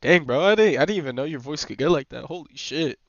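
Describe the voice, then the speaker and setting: A young man streaming a game, chatting casually with teammates, excitable, swearing and laughing often. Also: on the high side, fast, no echo. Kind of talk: casual gaming chat with teammates. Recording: slightly muffled dry stream mic.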